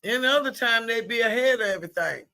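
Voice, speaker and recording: Speaking fast and animated in a slightly high voice, a woman gives live streamed play-by-play. She keeps it chatty and colloquial, shouting out loud when a play goes well.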